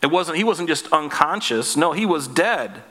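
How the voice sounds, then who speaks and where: Earnest preacher with a bright voice. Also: male voice, fairly high pitch, expressive, normal speed, long reverb tail. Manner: earnest, conversational preaching with rhetorical questions. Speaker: pastor. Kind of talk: sermon.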